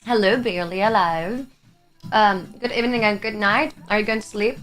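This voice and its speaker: A young Greek woman, Greek her first language, talking to her viewers in loose, chatty English on a livestream. Her pitch sits in an ordinary middle range, and she laughs easily and drops the odd swear word. Soft music plays faintly behind her. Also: normal speed. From Greece. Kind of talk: casual chat with live chat.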